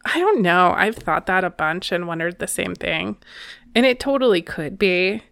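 Easygoing woman cohost, bright voice with some gravel in it. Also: fairly low pitch, animated, moderate pace, no echo, clean studio sound. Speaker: podcast co-host. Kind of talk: casual chat.

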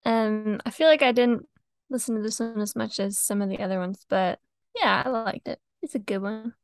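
A young woman co-hosting a podcast, chatty and quick to laugh. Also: fairly high pitch, dry recording. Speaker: podcast co-host. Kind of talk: casual chat.

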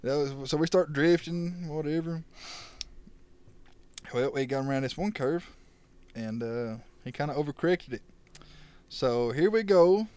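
Young man, slightly high voice, rowdy storyteller, laughs a lot. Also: a little slow, darkish tone, smooth. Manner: rowdy, laughing storyteller who acts out quotes. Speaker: podcast co-host. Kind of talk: casual storytelling chat.

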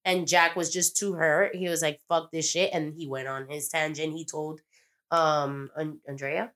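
A woman's voice: deep voice, flat delivery, a little slow, fairly bright tone. A young woman casually recapping a TV show as a podcast host, rambling and swearing, acting out lines as she goes. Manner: rambling, profane, acts out quoted lines.

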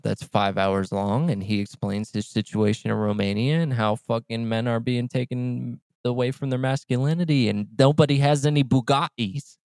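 A man's voice: mid-range voice, a little mellow, no echo. A man co-hosting a podcast in casual chat, laid-back and blunt, with some swearing. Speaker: podcast co-host.

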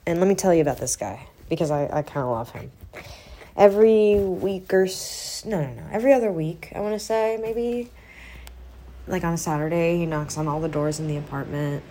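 A woman chatting casually to camera at home, rambling and swearing, swinging from hushed whispers to loud outbursts. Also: lowish voice, a little fast. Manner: rambling, profane, drops to whispers then gets loud. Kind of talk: casual vlog chat.

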